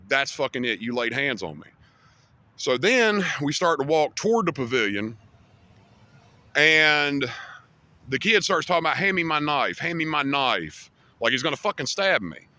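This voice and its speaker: A man's voice: medium pitch, lively intonation, normal speed, pushed and bright. A man vlogging, recounting a fight in a rambling, casual way with heavy swearing and many fillers. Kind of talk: casual storytelling to camera.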